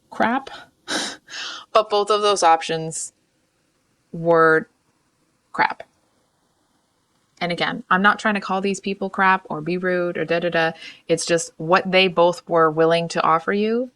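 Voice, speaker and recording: A woman giving a casual, frank tarot reading, chatty and animated, often breaking off to correct herself. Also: on the low side. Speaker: tarot reader.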